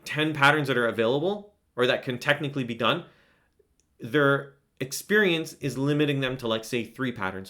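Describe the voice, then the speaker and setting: Pushed and bright, at a medium pitch, a man teaches Quran recitation over an online lesson. He keeps it casual and enthusiastic, repeatedly asks "right?", and chants melodically to show how it's done.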